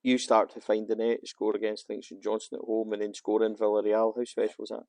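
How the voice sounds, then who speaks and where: A man hosting a podcast, asking a guest steady, leading questions in an office. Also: lowish voice, fast, no echo. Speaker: podcast host, interviewer.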